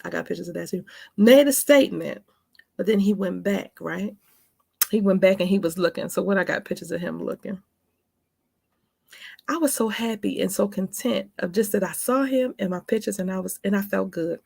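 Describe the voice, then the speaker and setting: A woman's voice: mid-range voice, normal speed, vocal fry, darkish tone, slightly rough, no echo, studio quality. A woman in her forties telling a personal story in a casual vlog, chatty and emphatic, calling her viewers honey and baby. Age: 40s. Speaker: vlogger.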